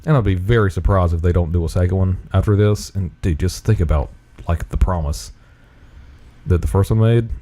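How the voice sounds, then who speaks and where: Laid-back low-voiced man chatting. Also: a little fast. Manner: laid-back, swears freely, excitable. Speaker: podcast co-host. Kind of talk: casual chat.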